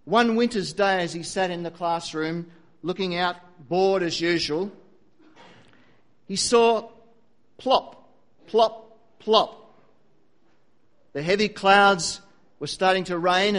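A man's voice: high-pitched, unhurried, fairly bright tone. A man preaching a sermon, telling a story with dry asides and a varied pace.

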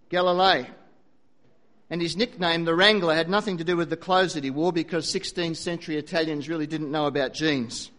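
A man's voice: high-pitched, fairly bright tone. A man preaching a sermon, telling a story with dry asides and a varied pace.

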